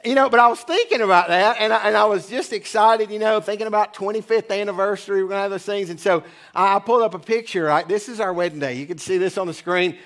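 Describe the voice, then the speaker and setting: A man's voice: high-pitched, quick pace, a bit bright. A pastor in his forties giving a casual, joking sermon in church. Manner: chatty, joking asides. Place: church sanctuary.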